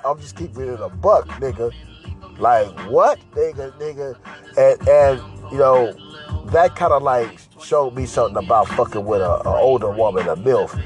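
On his podcast, a man tells a crude story with boastful profanity, repeating phrases and drifting into a singsong delivery. His mid-range voice is darkish at a normal pace, with faint music in the background.

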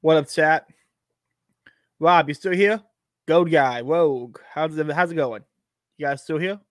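Young man with a high dry voice. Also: unhurried, no room sound. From Florida, US. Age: 20s. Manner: laid-back, laughs often, swears casually. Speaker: stream host. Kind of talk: casual livestream chat.

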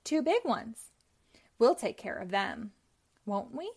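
A crooked male henchman voiced by a woman reader in a children's storybook. He drawls slowly with a sneer. The voice swings up and down in a lively way. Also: fairly high pitch, creaky, slightly rough, exaggerated voice.

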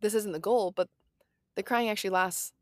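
A woman's voice: mid-range voice, fairly even intonation, normal speed, no echo, clean studio sound. A woman in her thirties talking casually and earnestly about parenting, reassuring and chatty. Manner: earnest, reassuring, lots of "like" and "right?". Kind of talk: casual parenting advice talk.

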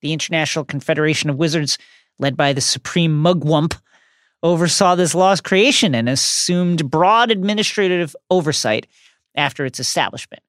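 A man's voice: moderate pace, fairly bright tone, dry recording, studio quality. A man co-hosting a podcast, reading book passages aloud with hammy, theatrical flair. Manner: hammy, theatrical reading with big pitch swings. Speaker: podcast co-host. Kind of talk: casual chat and reading aloud.

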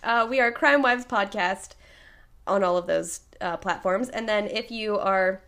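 A woman's voice: mid-range voice, measured pace, fairly bright tone. A woman in her thirties co-hosting a podcast in casual chat, rambling and laughing often as she shakes off a cold. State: recovering from a cold. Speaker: podcast co-host.

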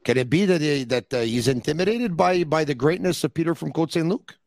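A man hosting a call-in podcast, teasing his caller in a playful way with drawn-out emphasis. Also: a little high, darkish tone, dry recording, clean studio sound. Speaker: podcast host. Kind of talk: casual call-in chat.

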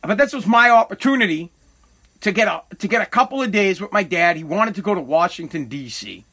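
A man's voice: high-pitched, expressive, brisk, pushed and bright. A middle-aged man from Massachusetts, a podcast host, telling a candid personal story in a rambling, profane way, full of self-corrections and heavy with regret.

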